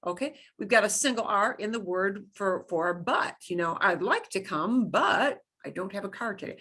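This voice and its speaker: A woman teaching a beginners' Spanish class, demonstrating sounds through slow, playful repetition. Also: mid-range voice, expressive, fairly bright tone, breathy edge. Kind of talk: beginner language lesson.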